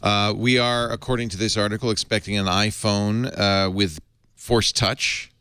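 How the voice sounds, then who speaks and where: A man's voice: on the low side, fairly even intonation, moderate pace, bright, forceful tone, clear, resonant tone, dry recording. A man hosting a tech podcast, playful and joking as he chats with his guests. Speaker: podcast host. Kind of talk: casual tech chat.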